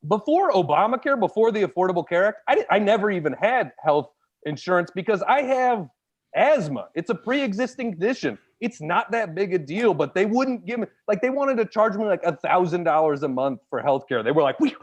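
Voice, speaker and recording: A man's voice: sits high, fairly quick, dull audio. A man, a stand-up comedian, telling a funny personal story in casual, jokey chat. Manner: animated, jokey, acts out voices of others.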